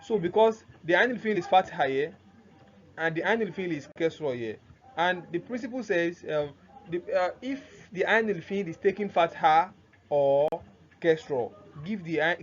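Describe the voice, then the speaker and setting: A man's voice: on the high side, lively intonation, normal speed. A man teaching Arabic grammar in a classroom-style lesson, who keeps asking "what?" and answers himself, repeating the key terms. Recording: muffled lo-fi sound, faint noise.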